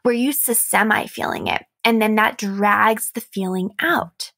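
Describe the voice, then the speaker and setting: A young adult woman hosting a reflective solo podcast as a coach, speaking softly and earnestly with light laughs. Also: medium pitch, measured pace, creaky.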